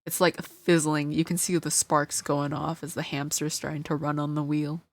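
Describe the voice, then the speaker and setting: A woman's voice: low voice, little pitch movement, normal speed, few pauses. A woman commenting playfully and wryly while streaming a courtroom game. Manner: playful, wry, laughing.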